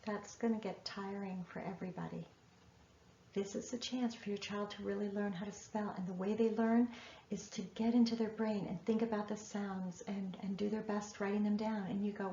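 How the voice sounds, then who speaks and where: A woman's voice: medium pitch, fairly even intonation, moderate pace, dark tone, a little hiss or hum. A woman, a writing educator, giving a masterclass lecture with earnest, emphatic advice to parents. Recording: echoey room, dull lo-fi sound.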